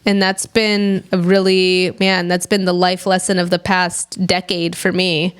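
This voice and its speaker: A woman co-hosting a podcast in casual reflective chat, earnestly telling a story and sometimes dropping into soft whispers. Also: on the low side, little pitch movement, unhurried, clean tone. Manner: earnest storyteller, acts out quoted voices, drops to soft whispers. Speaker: podcast co-host.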